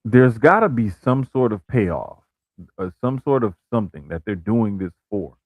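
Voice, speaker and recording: Easygoing man with low voice, dry sound. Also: moderate pace, no room sound, phone-quality sound. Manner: relaxed, repeats "bruh" and "like", restarts. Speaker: podcast co-host. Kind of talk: casual wrestling chat.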